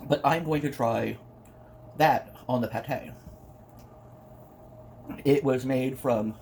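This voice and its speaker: A man's voice: mid-range voice, darkish tone, a little hiss or hum. A man talking casually to the camera while he eats, playful, humming and breaking into little sung bits between bites. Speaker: mukbang vlogger. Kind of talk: casual eating vlog talk.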